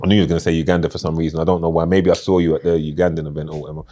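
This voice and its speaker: A man's voice: extremely low pitch, little pitch movement, mellow. A man hosting a podcast, joking and teasing while firing off questions. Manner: jokey, teasing, quick-fire questions. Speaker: podcast host. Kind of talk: casual chat.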